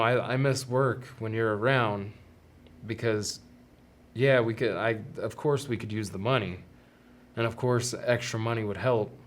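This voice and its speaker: Guy with a lowish voice doing a solo podcast, earnest and halting, lots of restarts, faint hum behind him. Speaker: podcast host. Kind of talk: reflective solo podcast monologue.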